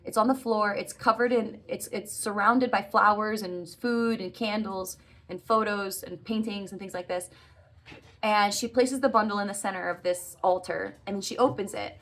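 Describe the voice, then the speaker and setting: A woman's voice: medium pitch, fairly even intonation, moderate pace, a bit bright. A woman telling a long personal dream story in a casual, earnest way, often correcting herself and padding with "like" and "uh". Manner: earnest, rambling, self-correcting with frequent "like" and "uh". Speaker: vlogger recounting a dream.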